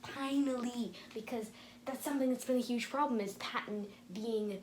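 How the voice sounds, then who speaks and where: A young woman reacting to an episode on her home vlog, gushing and excitable with frequent laughter and sudden whispers. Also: a little high, normal speed, slight background noise. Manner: gushing, breathless, laughing often, drops into whispers. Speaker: reaction video host. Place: home room with tripod camera. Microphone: camera on tripod.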